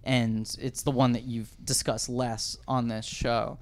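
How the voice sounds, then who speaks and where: A man in his thirties, a podcast guest telling an anecdote in casual chat, animated and digressive. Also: mid-range voice, a little slow. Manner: animated, digressive storyteller, does voices.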